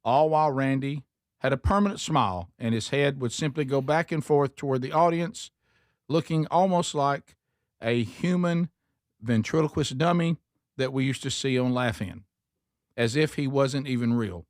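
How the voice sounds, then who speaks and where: A man hosts a talk show, reading a listener's email aloud at a mid-range pitch. He breaks off now and then for wry asides to his co-hosts. The studio sound is close and dry, with no room echo. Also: normal speed. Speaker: radio talk show host.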